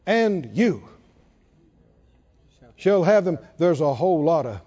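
This preacher speaks slowly in a somewhat high, husky, dark voice with big pitch swings, stressing and repeating words as it rises and falls steeply. It's a dull lo-fi recording made in an echoing hall.

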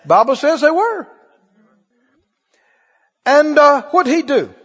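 A man's voice: very high voice, lively intonation, takes it slowly, a bit bright, big-room sound, muffled recording. A man preaching a sermon, firing repeated questions at his congregation. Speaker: pastor.

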